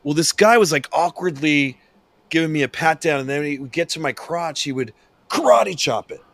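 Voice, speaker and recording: A man's voice: on the high side, lively intonation, moderate pace, gravelly, a bit bright, no room sound. A man hosting a podcast in casual chat, ranting and swearing, with many restarts. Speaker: podcast host.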